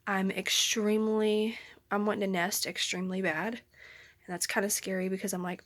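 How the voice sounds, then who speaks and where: A young woman films a pregnancy update vlog in her bedroom on a handheld phone held at arm's length. Her medium-pitched voice is level and moderately paced, a little out of breath, and she rambles apologetically with lots of ums. The recording is dry.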